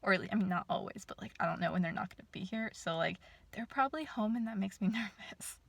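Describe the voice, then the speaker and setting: Excitable young woman vlogging about books. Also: medium pitch, fast, creaky. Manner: excitable, fills with "like", giggly. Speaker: book vlogger. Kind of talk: casual vlog chat. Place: inside her parked car.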